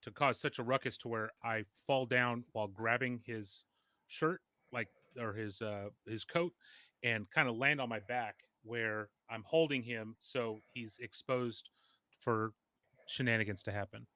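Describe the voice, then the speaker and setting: A man's voice: medium pitch, steady tone, measured pace, sharp tone, no room sound, studio quality. A man playing a tabletop game, hesitant and laughing often. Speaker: player. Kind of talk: casual tabletop play.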